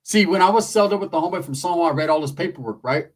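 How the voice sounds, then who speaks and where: A man telling a story in a casual, slangy, profane way, animated throughout. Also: fairly high pitch, racing.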